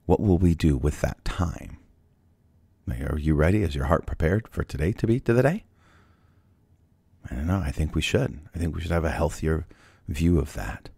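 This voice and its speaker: A man hosting a devotional Bible podcast, talking in a chatty way and firing rhetorical questions at listeners. His voice is extremely deep, with a gravelly, husky fry. The sound is dry and close, with no room in it. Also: a little mellow, dry recording. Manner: conversational, rhetorical questions, restarts. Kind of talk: devotional talk and prayer.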